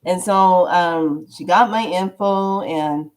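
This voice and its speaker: A woman vlogger telling a spiritual story in a casual, animated way, acting out the dialogue as she goes. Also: lowish voice, slow.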